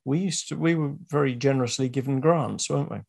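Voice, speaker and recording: A man's voice: mid-range voice, fast, gravelly, a little mellow, breathy edge. An older man hosting an interview, asking prompting and teasing questions in casual chat. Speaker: podcast host, vet.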